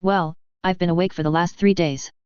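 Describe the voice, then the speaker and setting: A woman's voice: on the low side, fairly even intonation, brisk, darkish tone, clear, resonant tone, dry recording, natural voice. A woman reading fan fiction aloud, voicing an exhausted, sardonic young male wizard with a clipped, dry drawl, on a dull lo-fi recording. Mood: dry, prickly.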